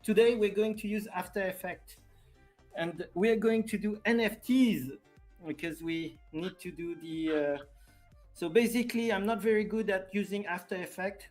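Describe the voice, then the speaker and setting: A man's voice: sits high, moderate pace, darkish tone, soft background music. Chatty French-accented man streaming live. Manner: chatty, hesitant, self-deprecating, laughs often. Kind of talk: casual live stream chat.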